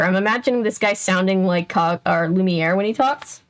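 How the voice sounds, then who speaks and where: A woman's voice: medium pitch, moderate pace. A woman in her twenties hosting a casual read-aloud stream at home, chatty and self-interrupting, laughing often as she reads. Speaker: channel host. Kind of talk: casual reading with live chat.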